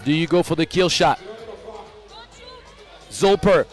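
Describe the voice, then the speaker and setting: A man giving live basketball play-by-play, excitable and rising to shouts on big plays. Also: on the high side, takes it slowly, faint music behind, some chatter behind. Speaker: play-by-play commentator.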